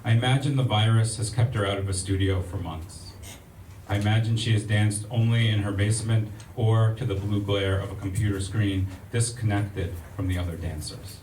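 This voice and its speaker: Low-voiced American man reading poetry. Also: steady tone, darkish tone. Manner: measured, rhythmic recitation. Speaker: poet. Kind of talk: poetry reading with asides to the audience. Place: public library event room. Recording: echoey room, distant mic, faint ambient noise.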